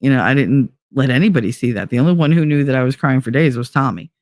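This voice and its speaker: A woman's voice: rumbling low, expressive, fast talker, a little mellow, no room sound, studio quality. A woman host telling a personal story in a casual, chatty way, filling her talk with "like" and acting out what other people said. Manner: chatty, heavy use of "like", acts out others' lines. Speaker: podcast host.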